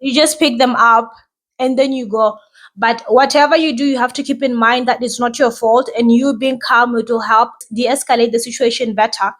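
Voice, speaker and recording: A woman's voice: on the high side, fairly even intonation, normal speed. A woman who hosts a podcast and talks as a mother, giving casual, reassuring advice and often asking "right?".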